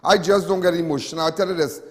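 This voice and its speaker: A Trinidadian man hosts a live TV talk show, chatting along loosely and repeating himself as he goes. His voice sits fairly high for a man, with a long reverb trailing behind it in the studio. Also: fairly even intonation, quick pace. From Trinidad and Tobago. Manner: chatty, repetitive, with many restarts and asides. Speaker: host.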